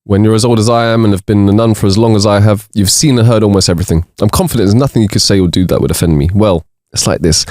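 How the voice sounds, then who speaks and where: A man's voice: on the low side, fast talker, few pauses, darkish tone, no echo, clean studio sound. A man co-hosting a podcast, reading jokes aloud in casual chat and laughing between them. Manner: reads jokes with bursts of laughter. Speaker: podcast co-host.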